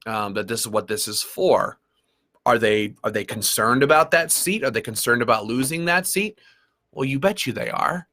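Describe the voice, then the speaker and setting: A man's voice: mid-range voice, pushed and bright. A man leading an advocacy group, giving impassioned commentary in an emphatic, sarcastic way. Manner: emphatic and sarcastic, with repeated phrases. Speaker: gun rights group leader.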